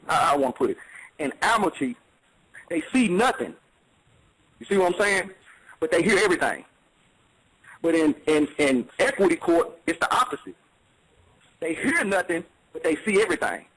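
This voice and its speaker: A man's voice: high voice, a bit bright, slightly rough, rough recording. A man explaining in casual, streetwise talk, emphatic and repetitive, often checking that the listener follows. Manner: streetwise, emphatic, repeats "you see what I'm saying".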